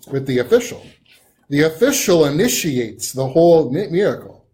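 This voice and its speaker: Man teaching a relaxed Bible study. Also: a little high, unhurried, long pauses. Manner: relaxed, thinks aloud with frequent ums and restarts. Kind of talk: conversational teaching.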